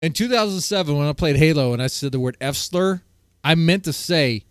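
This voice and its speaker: Loud, lively, high-voiced male streamer. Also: a little fast, smooth, no echo, studio quality. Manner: loud, profane, laughing, heated rants. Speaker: livestream host. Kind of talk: casual livestream chat with viewers.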